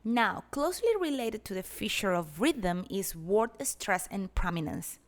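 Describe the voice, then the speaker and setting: Woman w/ a giving a lecture, measured and explaining, voice in the middle range. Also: medium pitch, lively intonation. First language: Spanish. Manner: measured, explanatory, demonstrates examples aloud. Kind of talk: academic lecture narration.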